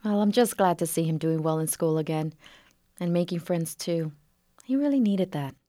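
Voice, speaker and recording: A woman acting a caring aunt who speaks gently and pleads with her nephew. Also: fairly low pitch, moderate pace, dry recording, clean studio sound, natural voice. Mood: gentle. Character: caring aunt, patient and worried.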